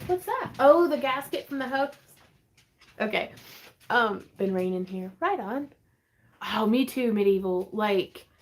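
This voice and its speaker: Chatty woman hosting a craft livestream. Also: mid-range voice. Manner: chatty, rambling, quick to laugh; reads viewer comments aloud and answers them. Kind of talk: casual livestream chat. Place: at home.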